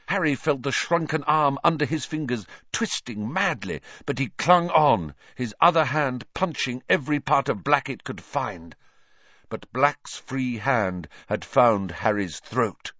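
A man narrating an audiobook with a dramatic, lively reading. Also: mid-range voice, a little slow, no room sound, dull audio.

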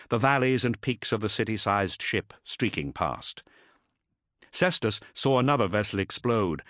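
A man narrating an audiobook in an expressive, dramatic storytelling manner. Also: on the low side, dry recording, studio quality.

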